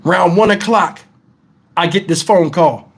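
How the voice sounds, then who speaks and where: A man's voice: high-pitched, measured pace, vocal fry. A middle-aged man, retelling a frustrating story in a heated, profane, emphatic vlog rant. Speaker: vlogger.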